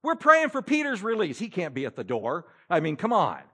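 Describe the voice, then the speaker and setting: A man's voice: sits high, wildly swooping pitch, a little fast, a bit bright, husky, voice pushed up, exaggerated voice. A man voicing incredulous, exasperated believers. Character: incredulous group of praying believers.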